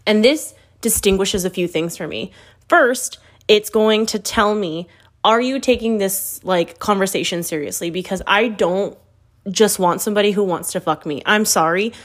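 Thirties woman venting about dating, cursing a lot, blunt and brash, mid-pitched voice. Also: normal speed. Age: 30s. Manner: brash, profane and blunt, with quoted asides. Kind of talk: candid storytelling chat.

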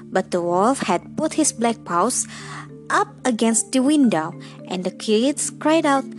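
A woman reads a fairy tale aloud, slow and measured, with a gentle rather high voice. She takes her time over each phrase. Soft music plays underneath. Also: animated. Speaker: storyteller. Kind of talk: storybook reading.

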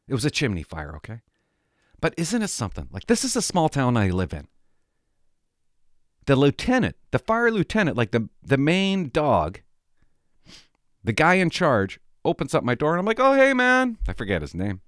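A man's voice: medium pitch, wildly swooping pitch, normal speed, pauses often, dry recording, clean studio sound. A middle-aged man vlogging, telling rambling stories in casual chat with many restarts.

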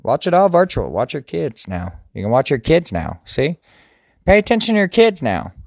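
Male devotional vlogger, slightly high voice, very lively delivery, rambling and jokey, dry close sound. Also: normal speed, creaky, dry recording. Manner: rambling, jokey, stumbles over words. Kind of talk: casual Bible reading and commentary.

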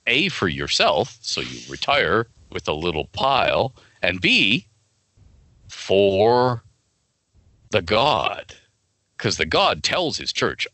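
A man being interviewed as a fantasy game writer, telling stories in an animated way and laughing often. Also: lowish voice, slow, no room sound. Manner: animated, laughing often, jumps into quoted voices. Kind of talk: casual interview chat with storytelling.

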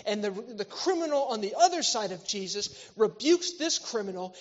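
A man preaching a church sermon, swinging between loud, emphatic lines and quiet, intimate ones. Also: sits high, lively intonation, moderate pace, hardly any pauses. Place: church hall. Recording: reverberant hall, slightly dull sound.

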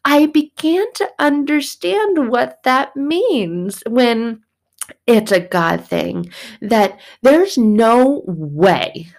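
A young adult woman giving a devotional faith talk, animated, acting out voices in her story. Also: mid-range voice, gravelly. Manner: animated, acts out God's and her own voices.

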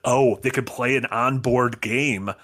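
Man, podcast co-host, casual and animated, bright voice. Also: medium pitch, a little slow. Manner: enthusiastic, animated recapping. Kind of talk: casual chat.

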